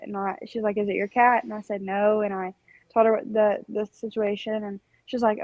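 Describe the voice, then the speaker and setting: Still getting over strep throat, a young female podcast co-host chats casually and spins a rambling, lively story punctuated by laughter. She speaks briskly in a medium pitch, in a dry recording with the highs cut off.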